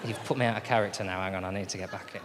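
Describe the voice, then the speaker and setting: A man's voice: deep voice, fairly even intonation, rapid-fire. A man doing stand-up, mocking and bantering with the crowd. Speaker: stand-up comedian. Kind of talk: stand-up routine. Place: comedy stage. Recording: echoey hall, loud background noise.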